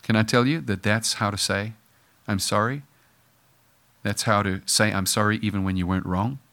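A man's voice: on the low side, fairly quick, vocal fry, fairly bright tone. A man preaching a sermon in a conversational way, acting out the voices he quotes. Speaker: pastor.

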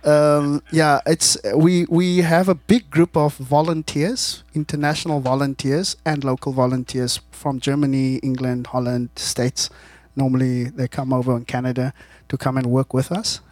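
A man's voice: medium pitch, little pitch movement, moderate pace, hardly any pauses, darkish tone, dry recording. A South African man, a guest missionary, casually telling stories to a church audience, laughing often and repeating words as he talks.

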